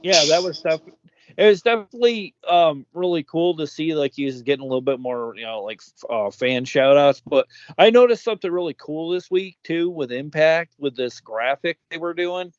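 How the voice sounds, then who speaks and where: A man co-hosting a podcast, talking casually in a halting way, full of "like" and "you know.". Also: on the high side, expressive, dry recording. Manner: halting, filler-heavy, lots of "like" and "you know". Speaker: podcast co-host. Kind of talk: casual review chat. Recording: dry, dull lo-fi sound.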